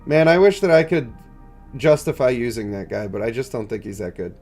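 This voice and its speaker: A stuffed-up man live-streaming a mobile game, chatting in a low-key way and answering his chat. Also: brisk, darkish tone, soft background music. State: congested, stuffed up. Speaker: gaming streamer.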